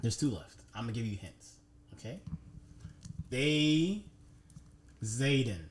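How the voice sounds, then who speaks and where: A man's voice: medium pitch, slow, noisy background. A man hosts a casual podcast. He tells stories with a voice that swings widely up and down. He jokes and uses plenty of slang. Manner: animated storyteller, slangy and joking. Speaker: podcast host.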